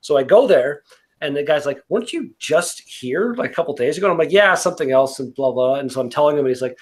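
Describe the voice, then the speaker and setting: A man with a Canadian accent telling a relaxed, rambling, profane story among friends. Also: on the high side, fast talker. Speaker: beer review podcast regular.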